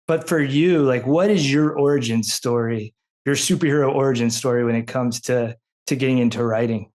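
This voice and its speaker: A man's voice: medium pitch, moderate pace, darkish tone. A man hosting a podcast who asks his questions casually, often repeating words and restarting his sentences. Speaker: podcast host.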